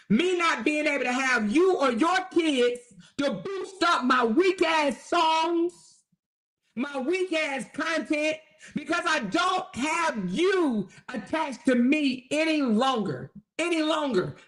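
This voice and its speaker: A woman's voice: high-pitched, fairly bright tone, full character voice. A woman host voicing a spiteful, self-pitying middle-aged ex-husband in a profane, mocking rant for satirical commentary. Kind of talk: satirical commentary role-play.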